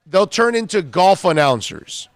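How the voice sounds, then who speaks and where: A man's voice: high-pitched, sing-song, a little slow, no echo, studio quality. A man hosting a sports talk radio show, bluntly scolding listeners with repeated rhetorical questions.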